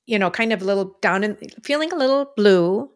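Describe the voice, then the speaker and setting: A woman's voice: medium pitch, expressive, brisk. A mother chatting casually with her grown daughter, soothing and emotional. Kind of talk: casual chat.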